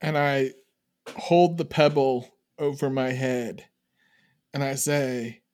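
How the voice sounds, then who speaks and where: A man's voice: mid-range voice, steady tone, slow, a little mellow. A man playing a tabletop role-playing game, earnestly speaking for his character. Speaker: player.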